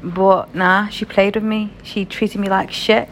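A woman's voice: mid-range voice, level tone, unhurried, a little hiss or hum. A young British woman telling a story in a casual vlog, frank and chatty, swearing freely. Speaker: vlogger.

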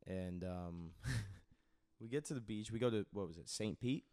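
A man's voice: on the low side, unhurried, a little mellow. A man who is a podcast guest, chatting casually and profanely about a trip, often laughing. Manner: easygoing, profane, chimes in with laughs. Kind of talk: casual chat.

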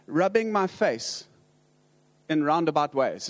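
In a sermon, a man with a South African accent and a fairly high pitch tells humorous stories. He halts and restarts frequently, delivering his jokes dryly.

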